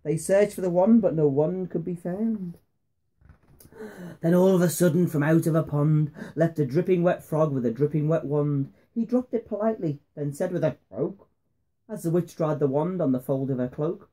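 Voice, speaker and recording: A father reads a rhyming bedtime story to his son in a soft, mellow voice. He keeps a bouncing rhythm and slows down for the suspenseful moments. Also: on the high side.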